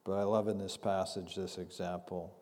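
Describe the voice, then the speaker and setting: A man preaching a sermon as pastor, conversational and unhurried, acting out scripture dialogue as he teaches. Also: low voice, little pitch movement, a little mellow. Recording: long hall reverb.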